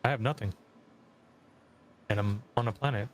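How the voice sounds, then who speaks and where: A man's voice: lowish voice, normal speed. A man chatting casually with friends during a game, telling rambling stories full of fillers. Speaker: gaming friend. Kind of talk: casual gaming chat.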